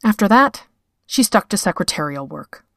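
A woman reading fiction aloud in a measured, wry storytelling manner. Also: medium pitch, big pitch swings, vocal fry, fairly bright tone, dry recording, clean studio sound. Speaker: narrator. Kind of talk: scripted fiction narration.

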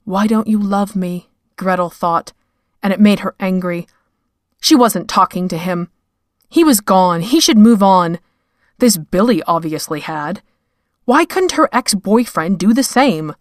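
A woman reading fiction aloud in a measured, wry storytelling manner. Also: medium pitch, lively intonation, no room sound, studio quality. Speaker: narrator. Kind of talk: scripted fiction narration.

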